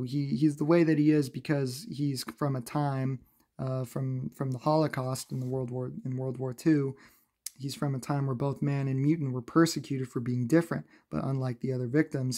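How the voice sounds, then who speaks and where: A man recapping a comic book in a casual, chatty review, laughing often and filling pauses with "uh". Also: medium pitch, darkish tone.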